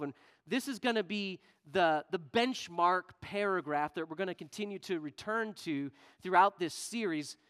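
A male pastor preaching a sermon in church, shifting from loud, emphatic questions to quiet, low asides. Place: church sanctuary.

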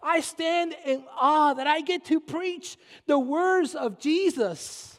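A man with a Puerto Rican accent preaching a sermon as pastor, emphatic and repetitive, slowing down to stress his points. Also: extremely high pitch, a bit bright. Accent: Puerto Rican Spanish. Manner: emphatic, repeats phrases and slows down for stress. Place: church sanctuary. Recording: long reverb of a church hall.

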